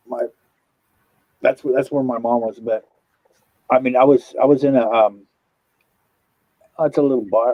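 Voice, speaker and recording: California guy streamer, rambling halting chat, dry lo-fi mic. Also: mid-range voice, no room sound. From Southern California. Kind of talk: casual chat.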